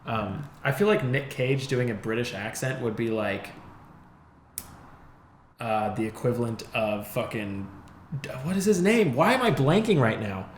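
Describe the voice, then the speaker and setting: A man's voice: medium pitch, lively intonation, unhurried. A man co-hosting a podcast in casual chat, laid-back and swearing freely. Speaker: podcast co-host. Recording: roomy echo, faint noise.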